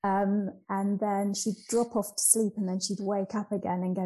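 A woman's voice: mid-range voice, little pitch movement, moderate pace, dark tone, poor audio. A woman, a change coach talking as a guest, reflective and hesitant with frequent ums. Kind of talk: conversational interview.

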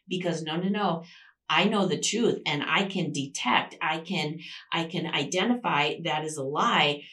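Woman host, devotional teacher: low, unhurried, emphatic, repeats herself, mic set back. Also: a bit bright, far from the mic. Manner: emphatic, repeats key phrases for stress. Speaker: Christian devotional podcast host.

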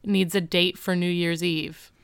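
A woman's voice: lowish voice, flat delivery, unhurried, vocal fry, clear, resonant tone, dry recording, studio quality. A young woman co-hosting a podcast, chatting casually and recounting episode details. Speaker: podcast co-host. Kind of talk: casual recap chat.

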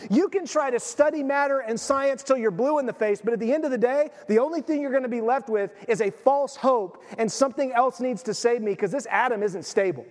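A man preaching a sermon with animated storytelling, acting out the voices of the people in his stories. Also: extremely high pitch, fairly quick, hardly any pauses. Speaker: pastor. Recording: long hall reverb.

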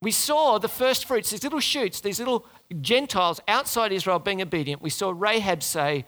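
A man's voice: sits high, lively intonation, moderate pace, a bit bright. A man preaching a sermon to his congregation in a conversational way, asking them questions and talking to them directly.

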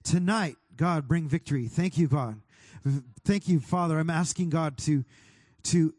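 A pastor leading a fervent prayer over his congregation, speaking directly to God and sometimes rising to a shout. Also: on the high side, measured pace, few pauses, dry recording. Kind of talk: sermon prayer.

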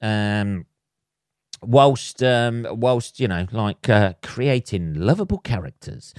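A man hosting a solo comedy podcast, rambling and swearing with deadpan asides. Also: lowish voice, takes it slowly, no echo, clean studio sound. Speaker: podcast host.

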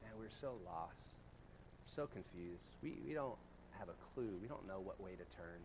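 Expressive and moderately paced, a male pastor shares stories with his congregation in a church room in a relaxed, conversational sermon. He moves between loud bursts and soft, low passages, with background noise present.

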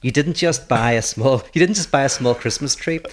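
A man's voice: medium pitch, normal speed, a little hiss or hum. A man co-hosting a podcast in casual chat, teasing with dry humor. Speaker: podcast co-host.

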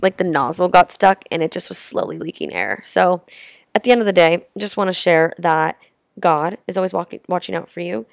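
A young woman vlogging about her travels, telling stories casually and warmly with lots of filler words. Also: fairly low pitch, expressive, fairly quick, gravelly, no echo, clean studio sound. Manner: chatty, heartfelt, lots of "like" fillers. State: tearful at times. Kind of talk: casual storytelling to camera.

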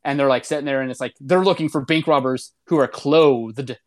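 Brisk and mid-range in voice, a podcast co-host casually discusses a comedy show. He retells at length in a rambling, loose manner, restarting often and filling gaps with "um" and "like".

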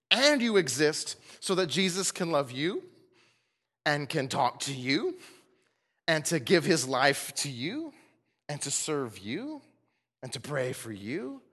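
A man preaching a sermon, animated and joking, often laughing as he talks. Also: fairly high pitch, big-room sound. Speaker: pastor.

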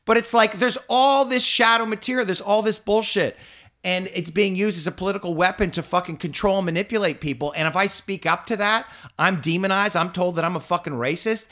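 A man's voice: high-pitched, fairly quick, a bit bright. A man hosting a podcast, ranting heatedly, swearing constantly and repeating himself. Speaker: podcast host. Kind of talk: heated conversational rant.

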